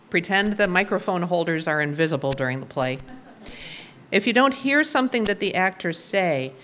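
A woman's voice: lowish voice, fairly bright tone. A woman leading a congregation, giving casual spoken instructions with fillers. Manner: casual, with fillers and small laughs. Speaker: worship service leader.

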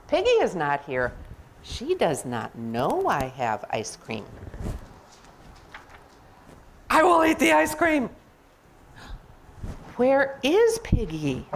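Brief: fretful, dithering picture-book elephant with a wide-swinging pitch, read by a woman. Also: a little hiss or hum, poor audio. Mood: anxious. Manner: dithering, talks himself in and out of sharing. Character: excitable, fretful male cartoon elephant.

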